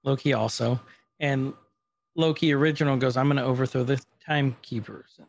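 A man's voice: mid-range voice, steady tone, normal speed, vocal fry, dry recording. A man casually recapping a TV episode on a podcast, retelling scenes and quoting the characters as he goes. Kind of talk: casual chat.

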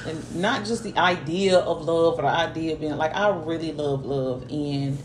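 Blunt profane woman podcast host, low voice. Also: moderate pace, background noise. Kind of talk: casual chat. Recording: roomy echo.

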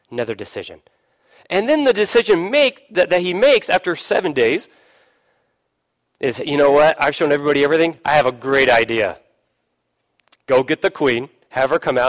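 A man preaching a sermon in a lively, sing-song way, his pitch sitting a bit high. He keeps turning to the listeners with questions, acts out short bits of dialogue, and sinks to a low, quiet voice to land a point. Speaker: pastor.

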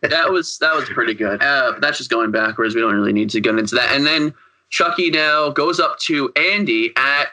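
Man, podcast co-host, very bright tone, rambling casual chat, swears a lot, lots of ums and likes. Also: medium pitch, normal speed, low-quality recording. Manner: rambling, filler-heavy and profane. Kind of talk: casual movie recap chat.

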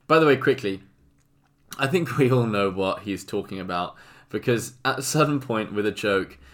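A man's voice: on the low side, animated, moderate pace, fairly bright tone. A young English man co-hosting a podcast, chatting casually with a giggly, self-mocking manner. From England. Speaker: podcast co-host. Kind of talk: casual comic chat.

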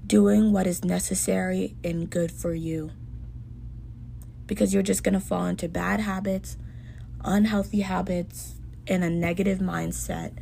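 An earnest young woman talks through a heartfelt podcast monologue, her voice roughened by a gravelly fry. She sounds emotional and sincere, and a faint hiss of noise sits behind her. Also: mid-range voice. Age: young adult. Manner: earnest, heartfelt self-talk with soft dips. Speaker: podcast host.

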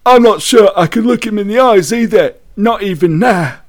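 A man's voice: high voice, normal speed, voice pushed up. A rattled male police officer looks back on a night that nearly killed him, as a podcast co-host puts him on with a put-on accent. The voice sits well above a man's usual range and stays earnest and haunted. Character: shaken adult male police officer recalling an attack. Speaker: co-host acting out a quote.

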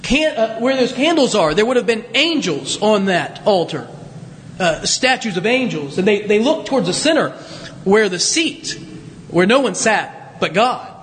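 High-voiced male preacher in a church. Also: very animated, a little slow, fairly bright tone. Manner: conversational, self-deprecating, with many restarts. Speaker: pastor. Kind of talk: sermon. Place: church sanctuary. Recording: long church reverb, faint noise.

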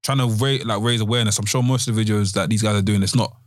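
A young man talks fast and loosely in a casual group chat. He loops back on his phrases and fills gaps with "yeah". The recording is dry and close. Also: lowish voice, steady tone, dry recording. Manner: chatty, repeats "do you know what it is" and "yeah".

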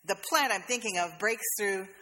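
A woman's voice: mid-range voice, moderate pace, pushed and bright, in a large hall, a little hiss or hum. A woman pastor, preaching a sermon in a conversational, storytelling way with playful asides. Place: church sanctuary.

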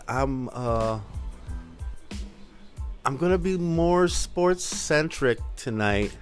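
A man from Minnesota hosting a casual solo podcast, talking in a loose, profane, rambling way. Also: mid-range voice. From Minnesota, US Midwest. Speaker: podcast host.

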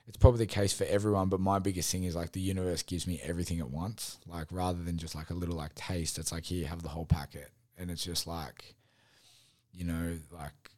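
A man's voice: sits low, darkish tone, no echo, clean studio sound. A man in his thirties musing candidly on a solo podcast, rambling with many fillers and swear words. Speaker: podcast host and gym owner. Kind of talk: casual solo podcast reflection.

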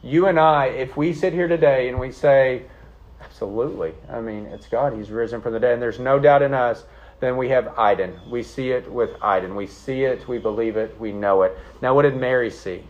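A pastor preaches an earnest, conversational sermon in a medium-pitched, darkish voice at normal speed, often checking in with the congregation with "okay?" and "right?". The recording is muffled.

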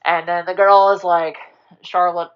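A woman's voice: lowish voice, little pitch movement, measured pace, smooth, muffled recording. A young woman chatting casually, rambling through a movie plot, swearing now and then and acting out the characters' lines. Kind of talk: casual chat retelling a movie.

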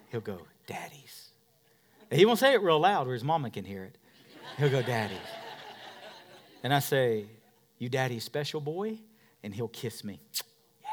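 Using repetition and call-and-response, a pastor with a medium-pitched voice preaches a sermon, moving back and forth between shouts for emphasis and quiet asides.

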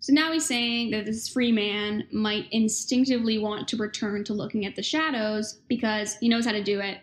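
A woman's voice: medium pitch, fairly even intonation, normal speed, reverberant. A young woman casually explaining a text in a playful, chatty way. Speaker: student presenter.

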